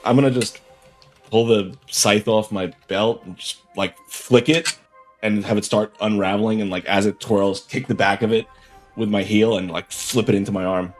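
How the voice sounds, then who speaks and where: A man's voice: lowish voice, fairly even intonation, normal speed, soft background music. A man player who is sick, speaking in a laid-back, unsure way.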